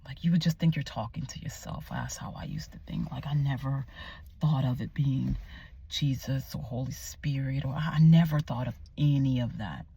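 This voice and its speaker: A woman vlogger sharing a personal faith testimony, candid and emotional, often dropping to hushed tones. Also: a bass voice, normal speed, husky. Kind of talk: confessional personal storytelling.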